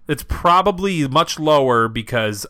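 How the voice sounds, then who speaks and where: A man in his thirties co-hosting a comedy podcast, reviewing a movie in casual, swearing banter that jumps into excited high bits. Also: measured pace, dry recording, studio quality. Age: 30s. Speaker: podcast co-host.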